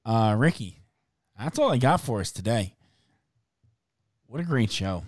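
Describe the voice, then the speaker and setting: A man hosting a sports betting podcast, chatting casually and briskly reeling off odds and numbers. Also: medium pitch, animated, a little mellow, no room sound, studio quality.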